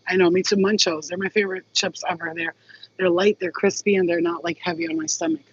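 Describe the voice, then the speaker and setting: Woman vlogger, loose chatty delivery, husky edge, muffled dry recording. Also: lowish voice, fairly even intonation, fast talker. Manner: chatty, swears freely, affectionate sign-offs. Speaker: spiritual healer vlogger. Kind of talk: casual live vlog chat.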